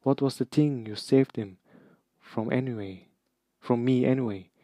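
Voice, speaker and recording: A man's voice: mid-range voice, unhurried, dark tone, no room sound, lo-fi sound, natural voice. A man reading aloud, voicing a frightened young schoolboy wizard who speaks hesitantly and politely. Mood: puzzled. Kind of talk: audiobook character reading.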